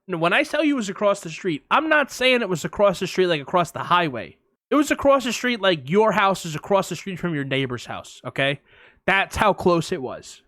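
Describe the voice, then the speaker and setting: A young man spins an animated, profane story for his podcast co-host, jumping into quoted voices along the way. His voice is bright and pitched a little high. The recording is close and dry. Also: brisk, no echo. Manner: animated storyteller, acts out quotes, swears a lot. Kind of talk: casual storytelling chat.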